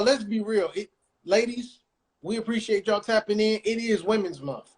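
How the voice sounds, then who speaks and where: A man with a fairly high-pitched voice hosts a casual podcast. He talks in an animated, laid-back way, full of slang and easy asides. The sound is a plain studio mic. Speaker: podcast host.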